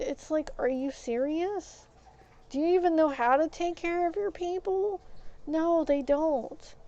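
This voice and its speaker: A woman's voice: sits high, warm tone, highs cut off. A woman streamer venting while playing a game, emphatic and frustrated, often repeating words.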